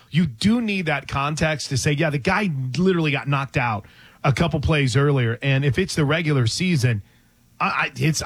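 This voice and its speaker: A man co-hosting casual sports talk, his voice recorded close and dry. His voice sits slightly high for a man. He is chatty and animated and thinks through his points out loud. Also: slightly rough, dry recording. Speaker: podcast co-host.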